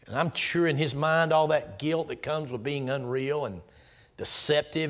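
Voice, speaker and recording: A man in his sixties preaching an emphatic sermon in numbered points, sometimes dropping to a hushed aside. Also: on the high side, normal speed. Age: 60s. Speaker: guest preacher.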